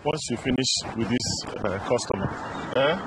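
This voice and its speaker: An actor with a Nigerian accent playing a weary, unwell shop owner giving instructions before going home. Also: male voice, medium pitch, moderate pace, natural voice. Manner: weary, tired-sounding. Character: tired, unwell middle-aged shopkeeper. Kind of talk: film drama acting. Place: outdoors by a shop. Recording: outdoor film scene with street noise. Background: street and vehicle noise.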